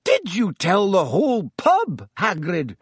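A big, friendly gamekeeper in a storybook, husky and folksy, his voice rising and falling as a man puts him on. Dry, close recording. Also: fairly high pitch, lively intonation, a little slow, sharp tone, dry recording, pitched above the performer's own voice, exaggerated voice. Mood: jovial.

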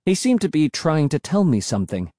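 A man's voice: fairly high pitch, very animated, a little fast, dark tone, no room sound, studio quality. A man narrating a first-person story in dramatic audiobook style.

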